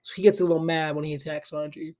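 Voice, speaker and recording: A man's voice: on the high side, level tone, quick pace, a little mellow. A young man hosting an anime channel, recorded at his home desk on camera, retelling a story in a loose, sleepy, rambling way full of "like" and restarts. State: sleepy and yawning.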